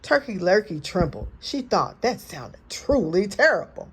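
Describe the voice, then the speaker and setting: A woman hosting storytime, reading a children's picture book aloud in an expressive, gentle and encouraging way. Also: fairly low pitch, normal speed, breathy edge. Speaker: storyteller host.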